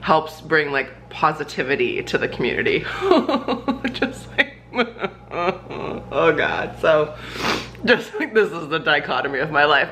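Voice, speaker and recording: A woman's voice: low-pitched, fairly bright tone, slight background noise. A young woman vlogging casually at home, chatting with lots of fillers and frequent laughs. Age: young adult. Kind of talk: casual home vlog chat. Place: home, indoors.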